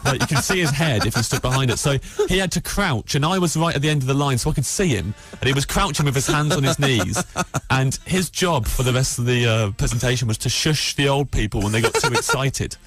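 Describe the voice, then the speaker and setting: A man's voice: medium pitch, lively intonation, a bit bright, slightly rough. Young man with a lazy English Midlands accent, mid-range voice, rambling anecdote with lots of ums and restarts; radio studio with faint music under. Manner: rambling, halting storytelling with frequent fillers and self-interrupting restarts. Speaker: comedian guest telling a story.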